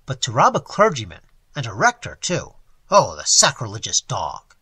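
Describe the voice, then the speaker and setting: A man voicing a smooth-talking young gentleman who flatters with theatrical, pious fervour. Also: fairly high pitch, moderate pace, no echo, full character voice. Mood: indignant.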